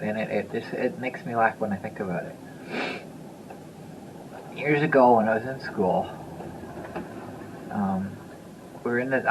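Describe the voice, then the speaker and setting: A man's voice: fairly low pitch, slight background noise, rough recording. Rambling man in his fifties. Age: 50s. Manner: rambling, chuckling, repeats himself. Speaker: vlogger. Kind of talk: casual storytelling.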